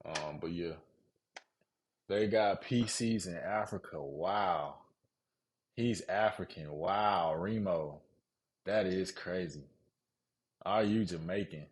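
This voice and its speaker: A man's voice: low voice, takes it slowly, pauses often. A young man from Mississippi with a Southern accent, chatting casually with live-stream viewers in slangy talk while building a PC and reading chat aloud.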